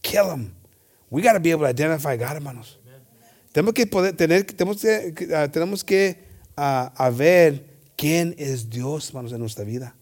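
A man in the pulpit, moving between English and Spanish as he reads scripture and preaches. His voice sits a little higher than most men's, and he stumbles and restarts words as he goes, calling out "hermanos" again and again. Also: animated, fairly quick, darkish tone. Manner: stammers and restarts often. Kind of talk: bilingual sermon with scripture reading.

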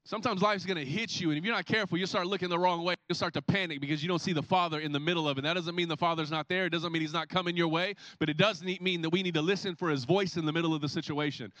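A man in his thirties preaching a sermon as a pastor, telling stories in an animated way and acting out the scenes. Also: high-pitched, no room sound. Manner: animated storytelling, acts out scenes. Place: church.

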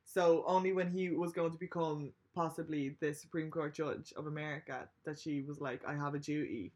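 A young woman, a podcast co-host telling a story in casual, animated chat and swearing freely. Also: low voice, normal speed.

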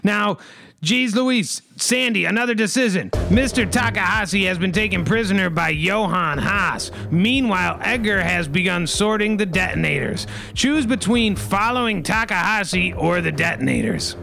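A man's voice: high voice, animated, normal speed, creaky, few pauses, over music. A man running an improvised comedy game as game master, announcing decisions and wild cards and repeating a rhyming catchphrase. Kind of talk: improvised comedy role-play narration.

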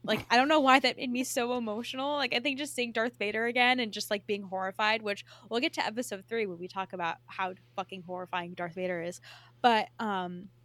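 A woman co-hosting a podcast in casual chat, excited and full of "like" fillers and swearing. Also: medium pitch, fairly quick, no echo. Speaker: podcast co-host.

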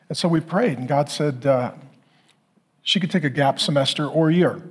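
Man, forties, pastor, husky voice, fairly high pitch, storytelling sermon. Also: normal speed. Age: 40s. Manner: animated, acts out dialogue with God and family.

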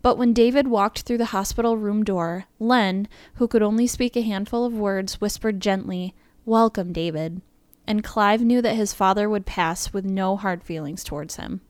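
Co-hosting a podcast, a woman reads from a prepared script but now and then stops for asides while laughing. She has a mid-range, slightly mellow voice at normal speed with hardly any pauses, captured in a dry recording.

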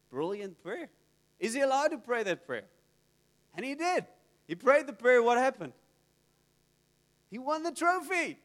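A man's voice: sits high, animated, measured pace, long pauses, fairly bright tone. A man preaching a sermon, telling stories with animation and acting out the prayers he quotes. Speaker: pastor. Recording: reverberant hall.

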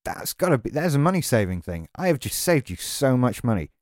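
A man's voice: mid-range voice, sing-song, brisk, darkish tone, no room sound, clean studio sound. A man delivering an exasperated, sarcastic, sweary rant as a tech vlogger. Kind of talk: ranting monologue to camera.

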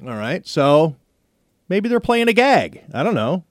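A man's voice: a little high, very animated, a little slow, dry recording, studio quality. A man hosting a radio talk show, telling a story in a chatty, playfully indignant way. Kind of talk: casual studio banter.

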